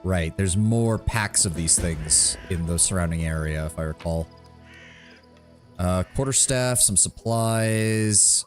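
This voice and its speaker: A man's voice: low voice, normal speed, soft background music. A man streaming a video game, giving casual, offhand commentary with muttered asides.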